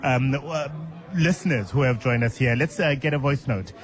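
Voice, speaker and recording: A man hosting a radio talk show from the studio, a measured, friendly interviewer. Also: mid-range voice. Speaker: radio host.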